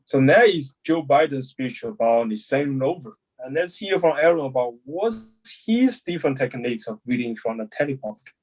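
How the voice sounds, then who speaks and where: Husky-voiced male host, explains clips in a measured, slightly halting way, lesson-style talk. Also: medium pitch, lively intonation, a little mellow, low-quality recording. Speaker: host of a public speaking channel.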